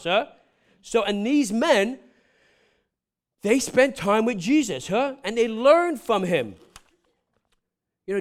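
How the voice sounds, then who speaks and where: A man preaching a sermon in a conversational way, often checking in with "right?" and "huh?", building to emphatic peaks. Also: a little high. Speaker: pastor.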